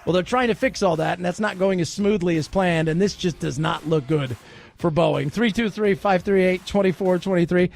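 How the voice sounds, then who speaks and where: A man's voice: high voice, normal speed, creaky, darkish tone. A man hosting a talk radio show, joking and sarcastic in a rambling commentary.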